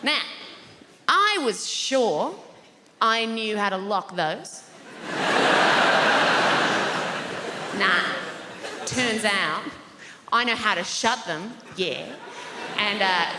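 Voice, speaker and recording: A woman's voice: medium pitch, lively intonation, slow, long pauses. A woman doing stand-up comedy on a large theatre stage, telling a story in a wry, self-deprecating way. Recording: reverberant theatre with noise.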